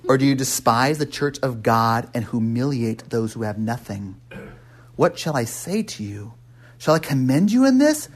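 A man's voice: medium pitch, lively intonation, normal speed. A man preaching a casual, interactive sermon, walking through a text and quizzing the congregation with frequent "right?" tags and restarts. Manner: conversational, asks the congregation questions. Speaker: pastor.

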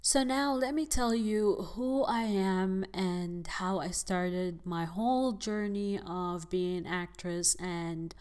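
A young woman hosts a podcast in a casual, chatty monologue. She talks straight to her listeners and fills her sentences with easy fillers, at a medium pitch for a woman. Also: takes it slowly, hardly any pauses, darkish tone. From United Arab Emirates. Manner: chatty, addresses listeners as guys, frequent fillers. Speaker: podcast host.

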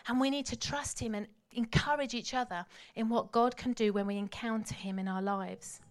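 A woman preaching a sermon, telling the story dramatically and swinging from hushed tones to loud calls. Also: on the high side, steady tone, moderate pace.

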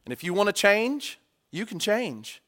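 A male preacher delivering a sermon, swinging from hushed asides to loud, acted-out story lines. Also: sits high, very animated, unhurried.

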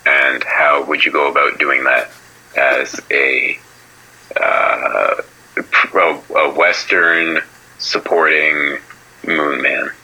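Very deep, slow, husky-voiced man. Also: fairly even intonation, pushed and bright, poor audio. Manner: hesitant, stilted, halting phrasing. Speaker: voicemail caller. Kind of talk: mock-formal question.

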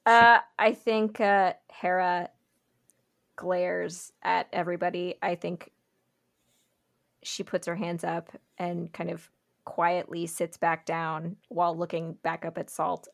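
A woman's voice: fairly low pitch, level tone, takes it slowly, gravelly, no room sound, studio quality. A woman playing a tabletop game, chatting casually with jokes and swearing. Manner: casual, joking, swears freely. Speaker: player. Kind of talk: casual tabletop play chat.

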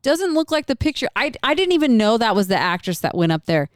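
A young woman hosting a podcast, telling a story in casual chat, animated and profane, laughing often. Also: on the high side, fast, smooth, no room sound, studio quality. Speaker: podcast co-host.

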